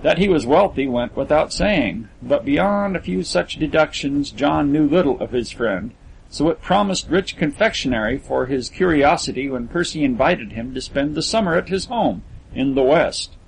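A man's voice: a little high, animated, vocal fry, slight background noise, rough recording. Man narrating a literary audiobook. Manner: measured, literary storytelling.

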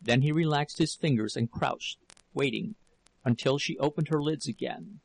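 A man narrating a novel as an audiobook in a measured, dramatic storytelling manner. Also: on the high side, vocal fry, slight background noise, low-quality recording.

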